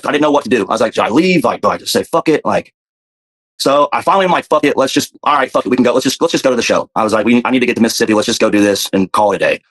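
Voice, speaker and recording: A man casually telling a story, fast and profane, often repeating himself. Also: medium pitch, a bit bright.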